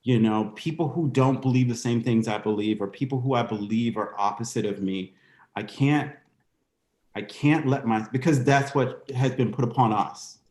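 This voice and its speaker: Guy thinking out loud, candid and reflective, roomy echo. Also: mid-range voice, moderate pace. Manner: reflective, thinks aloud with restarts. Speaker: guest dancer. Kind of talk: candid conversational interview.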